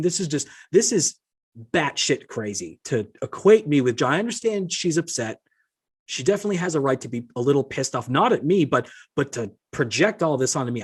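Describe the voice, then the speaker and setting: A man's voice: on the high side, breathy edge. Exasperated man ranting on a podcast. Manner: exasperated, indignant, swearing, reading messages aloud. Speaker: podcast host. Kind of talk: solo podcast rant.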